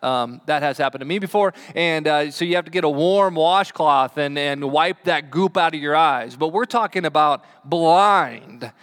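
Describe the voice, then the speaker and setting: A man's voice: fairly high pitch, normal speed, hardly any pauses, a bit bright, clear, resonant tone. A man preaching a sermon as a pastor in a church, chatting and asking the congregation questions. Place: church sanctuary.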